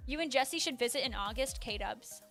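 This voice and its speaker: A woman's voice: high voice, normal speed, a bit bright, faint music behind. A woman livestreamer casually chatting and answering her chat, full of "like" fillers and bursts of surprise.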